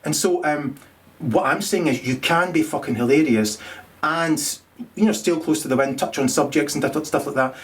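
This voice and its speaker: A man's voice: on the high side, normal speed. Crude rambling man, restless voice. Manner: crude, swearing, stumbling restarts, laughs at own jokes. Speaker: comedian. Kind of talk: rambling stand-up monologue.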